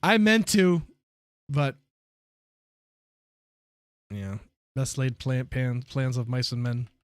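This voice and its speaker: A man streaming live, telling stories in a casual, profane, animated way. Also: mid-range voice, takes it slowly, clean tone, dry recording, clean studio sound.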